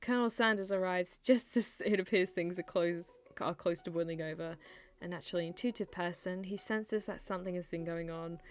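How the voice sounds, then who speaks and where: A woman's voice: on the low side, a little fast. A young woman streamer playing through a game with giggly, playful, self-mocking commentary, reading the narration aloud. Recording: faint music behind.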